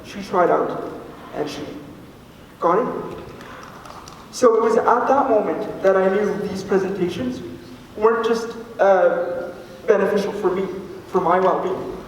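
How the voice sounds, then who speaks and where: Teen guy giving a talk in a big hall, high voice, lots of ums and restarts, mic way off, echoey. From Alberta, Canada. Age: teens. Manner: earnest, halting, with many fillers and restarts. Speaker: student speaker. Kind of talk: personal story told to an audience. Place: large hall with an audience. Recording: echoey hall from far off, faint noise.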